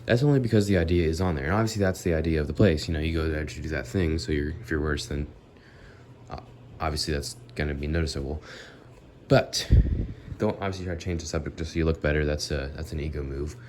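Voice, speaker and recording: Very deep-voiced nasal man rambling. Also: steady tone, quick pace, a little mellow, slight background noise. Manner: rambling, self-correcting, talks to viewers directly. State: sick with a cold. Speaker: vlogger. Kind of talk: unscripted rambling monologue.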